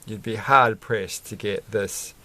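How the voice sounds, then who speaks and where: A man's voice: lowish voice, takes it slowly, sharp tone. A man chatting casually and rambling while building a Lego set, often chuckling and correcting himself.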